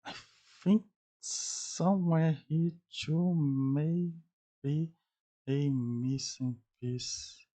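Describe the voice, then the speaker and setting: Guy with english as a second language, slow and halting, keeps searching for words and repeating them. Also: on the high side, mellow. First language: not English. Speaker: anime reaction channel host. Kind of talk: casual theory-crafting reaction.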